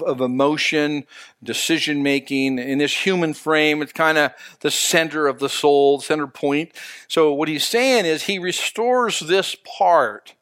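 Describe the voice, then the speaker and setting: A man, a pastor, preaching a sermon in a conversational way, asking his listeners questions and slowing down to stress key words. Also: fairly high pitch, fairly bright tone, no room sound, studio quality. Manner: conversational preaching, rhetorical questions, slows for emphasis.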